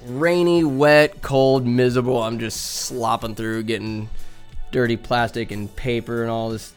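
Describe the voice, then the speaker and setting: A man's voice: medium pitch, steady tone, a little slow, clean tone, faint music behind. A young man from Northern California telling rambling, chatty cat stories at home, swearing and laughing along the way. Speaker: vlogger. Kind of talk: casual rambling storytelling. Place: home room with a bookcase.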